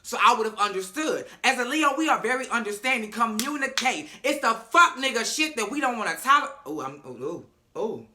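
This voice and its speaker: A man's voice: very high voice, big pitch swings, brisk, hardly any pauses, pushed and bright, a little hiss or hum. A man giving a casual reality-show recap, sassy, emphatic and profane.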